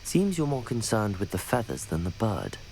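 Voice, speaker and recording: A man voicing a calm, polite young student wizard in a video game who asks questions. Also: fairly low pitch, normal speed, creaky, full character voice, low-quality recording. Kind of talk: game character dialogue. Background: game music.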